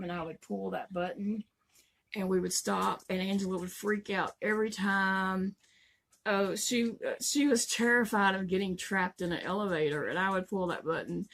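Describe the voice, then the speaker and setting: A woman's voice: on the low side, creaky, slightly rough. A woman, telling a story in a chatty vlog and laughing often along the way. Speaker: vlogger.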